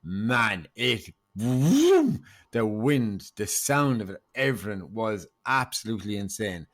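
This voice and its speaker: A man's voice: lowish voice, a little slow, fairly bright tone. An Irish man, a podcast guest, telling a story in casual chat and acting out the dialogue. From Ireland.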